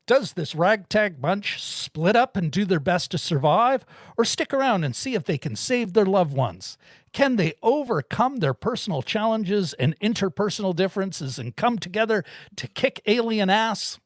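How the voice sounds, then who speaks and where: A man's voice: high-pitched, big pitch swings, moderate pace, no echo, studio quality. A man co-hosting a film podcast, chatting casually and rambling with frequent laughs and restarts. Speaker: podcast co-host reviewing a film. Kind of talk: casual chat.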